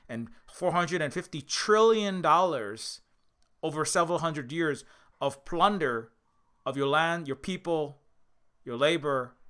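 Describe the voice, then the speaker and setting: A man's voice: fairly high pitch, bright, forceful tone. A man giving casual spoken commentary as a video essayist, impassioned and rambling, with frequent restarts and filler words.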